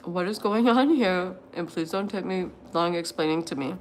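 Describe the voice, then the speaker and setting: A woman's voice: fairly low pitch, moderate pace, a little hiss or hum. A woman hosting a casual livestream from her table at home, eating and reading viewer comments aloud, laughing often and answering them bluntly. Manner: laughs often and talks between bites. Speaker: livestream host.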